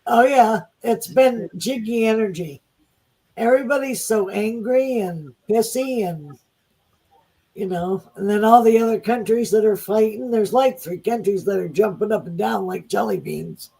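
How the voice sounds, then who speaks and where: A man with a high voice full of gravelly fry gives psychic readings on a live podcast. His tone is husky, and he answers in short agreeing words and plain, matter-of-fact predictions. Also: normal speed, mellow, poor audio. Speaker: psychic reader. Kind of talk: casual live podcast chat.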